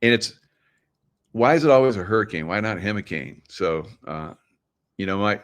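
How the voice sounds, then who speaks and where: A man's voice: on the low side, animated, normal speed. Chatty man riffing to his viewers. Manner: conspiratorial, joking asides, laughs at own lines; talks straight to viewers, asks them questions. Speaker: show host. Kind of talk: casual livestream monologue.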